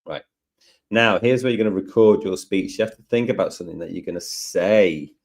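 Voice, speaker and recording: A man hosting a live software lesson, chatting and joking as he thinks aloud through each step. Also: low-pitched, brisk. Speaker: tutorial host.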